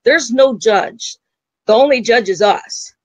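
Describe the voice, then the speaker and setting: Animated woman storyteller, psychic-medium guest, dry and slightly muffled. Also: fairly high pitch, takes it slowly, no room sound. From United States. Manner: animated storytelling, acts out quoted voices. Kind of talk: storytelling in an interview.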